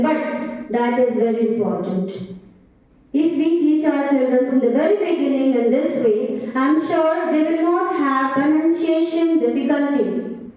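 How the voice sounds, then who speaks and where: Slow high-voiced woman teacher, very echoey. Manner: explains slowly, adds frequent tag questions. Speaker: English teacher. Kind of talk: teacher training talk. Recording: very echoey, distant, dull sound.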